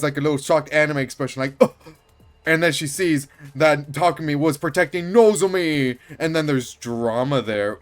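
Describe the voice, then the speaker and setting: A man streaming a game, chatting casually and breaking into excited yelling and laughter. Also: medium pitch. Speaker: gaming streamer. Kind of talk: casual let's-play commentary.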